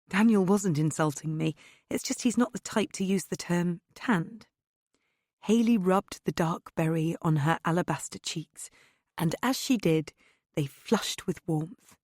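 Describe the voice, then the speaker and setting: Fields: Sex: woman. Role: audiobook narrator. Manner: wry, first-person. Pitch: lowish. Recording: dry, close. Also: measured pace, a little mellow, no echo.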